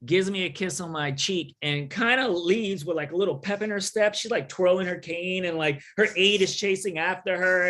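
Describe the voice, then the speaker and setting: A high-pitched, sharp-toned middle-aged man from New York City talks at normal speed with few pauses, casually telling a story in a Q&A. This author and thru-hiker guest jokes and acts out the voices of people he quotes.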